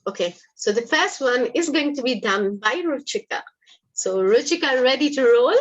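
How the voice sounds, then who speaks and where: Woman online teacher, raised pitch, upbeat and coaxing audience answers. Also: animated, moderate pace. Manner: upbeat, encouraging, quizzes the audience. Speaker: English teacher hosting a webinar. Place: online webinar.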